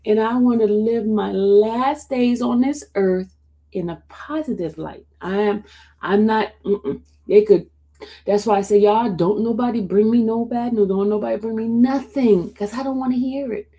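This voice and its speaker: A woman hosting a casual livestream, chatting and answering viewer comments in an expressive way. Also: medium pitch, a little slow. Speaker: livestream host covering court cases. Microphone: streaming setup.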